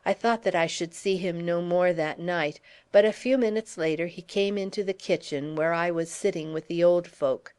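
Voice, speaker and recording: A woman reading a classic novel aloud in steady first-person narration for an audiobook. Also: on the low side, normal speed, few pauses, clean tone. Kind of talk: scripted narration.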